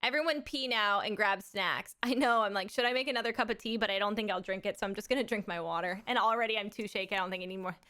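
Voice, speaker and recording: A woman live streamer chatting casually with crude, excitable, giggly banter. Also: mid-range voice, quick pace, hardly any pauses, smooth.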